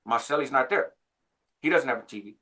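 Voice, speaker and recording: A man in his forties casually telling a story about his past, jumping higher in pitch when he acts out what others said. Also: a little fast. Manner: animated, jumps higher when quoting others; laughs between phrases, frequent "right?". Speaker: channel host recounting prison life.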